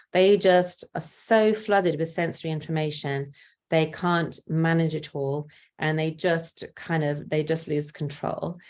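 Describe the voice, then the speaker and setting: An older woman giving a talk on parenting, explaining gently and patiently and acting out short examples of what to say to a child. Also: low voice. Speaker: parenting speaker.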